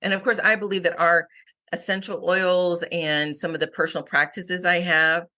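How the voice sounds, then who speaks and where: A middle-aged woman, a company founder, telling stories in a fast, energetic podcast chat. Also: fairly low pitch.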